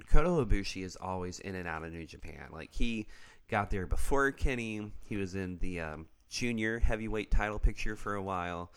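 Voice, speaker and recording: Man, very deep voice, casual co-host, explains step by step, keeps checking in. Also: clear, resonant tone. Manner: storytelling, explains step by step with frequent "okay?" check-ins. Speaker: podcast co-host. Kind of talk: casual wrestling recap chat.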